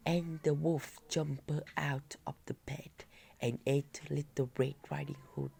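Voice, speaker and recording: A woman, a Vietnamese native speaker, reading a children's story aloud with a halting delivery and small slips. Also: deep voice, fairly even intonation, gravelly, mellow. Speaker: reader.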